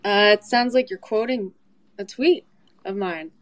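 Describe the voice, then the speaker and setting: A woman's voice: medium pitch, measured pace, no room sound. A woman speaking as a guest in a casual chat, hesitant and full of fillers. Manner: hesitant, many fillers and restarts.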